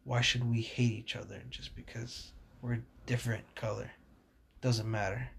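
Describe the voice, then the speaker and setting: A man's voice: medium pitch, level tone, moderate pace, vocal fry, a bit bright, a little hiss or hum. A young man hosting a casual podcast, talking in a blunt, rambling and profane way, full of fillers, with a sore voice. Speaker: podcast host.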